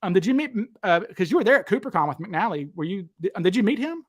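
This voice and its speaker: High-voiced man telling animated stories. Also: quick pace. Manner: animated, acts out quotes with raised voice. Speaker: podcast host. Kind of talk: casual storytelling chat.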